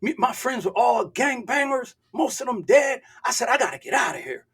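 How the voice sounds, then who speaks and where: A man playing a young Memphis ex-gangbanger, Memphis Southern accent, husky, higher-set, easygoing. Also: very animated, moderate pace, a bit bright, heavily acted. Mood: earnest. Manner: laid-back street talk. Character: young former gang member from Memphis, streetwise.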